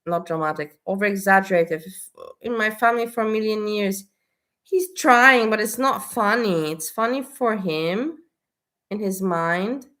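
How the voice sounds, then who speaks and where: A woman's voice: medium pitch, a little slow, fairly bright tone. A woman giving blunt, dismissive commentary on a cooking video she is watching. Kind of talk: critical commentary.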